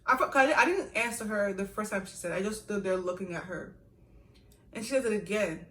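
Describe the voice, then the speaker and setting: A young woman vlogger telling a story in a casual, animated way, with laughs and asides. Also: mid-range voice, brisk. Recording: echoey room, a little far from the mic.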